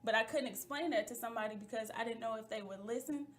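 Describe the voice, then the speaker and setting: Chatty woman host, higher voice. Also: fast. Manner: chatty and playful, calls listeners "y'all" and "baby". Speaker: talk show host. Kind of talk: casual chat.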